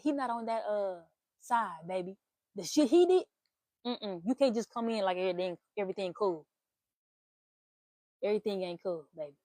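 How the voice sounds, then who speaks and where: Animated, blunt woman with a mellow voice. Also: medium pitch, dry recording. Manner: animated, swearing, playful exclamations. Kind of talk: casual spiritual reading monologue.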